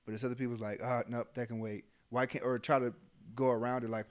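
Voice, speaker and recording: A man's voice: mid-range voice, fast, hardly any pauses, clean tone. A young adult man, a soldier, talking bluntly and heatedly in casual chat, with lots of fillers and swearing. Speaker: army soldier, podcast co-host.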